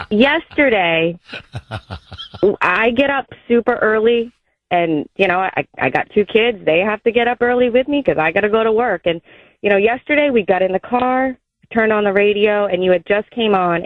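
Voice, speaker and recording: A woman's voice: mid-range voice, dry recording. A woman in her thirties calls in to a radio show and talks chattily from the heart. Her voice comes through a tinny phone line. It sounds dry, with no room around it. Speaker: caller. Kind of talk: call-in over the phone.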